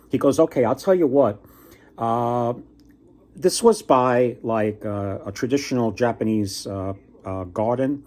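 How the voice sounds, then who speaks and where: A man's voice: moderate pace, a little mellow. A young adult man casually retelling a folktale, with restarts and fillers. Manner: loose retelling with fillers and restarts, voices pitch up for quotes. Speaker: book vlogger retelling a folktale. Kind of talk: casual storytelling.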